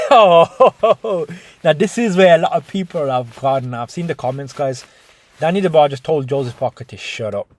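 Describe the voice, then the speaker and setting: A man's voice: a little high, expressive, normal speed, slight background noise. A young man giving a casual boxing breakdown, chatty and full of restarts, calling his viewers "guys". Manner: chatty, repeats "guys", frequent restarts and swearing. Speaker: boxing analyst.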